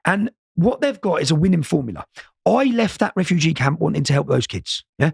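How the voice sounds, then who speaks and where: A man's voice: a little high, very animated, brisk, gravelly, slightly rough, no room sound, studio quality. A man, an interview guest, telling stories casually with many repeated words and "yeah?" tags.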